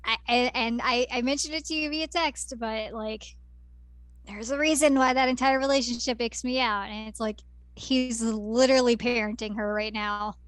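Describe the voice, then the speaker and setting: A woman's voice: on the high side, fairly even intonation, moderate pace, a bit bright, dry recording. A woman co-hosting a podcast in casual chat, chiming in and laughing often. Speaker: podcast co-host.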